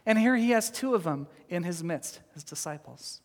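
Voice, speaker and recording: A man's voice: sits high, lively intonation, moderate pace, hardly any pauses, fairly bright tone, long reverb tail. A man preaching a sermon as pastor, telling the story with laughs, asides and acted quotes.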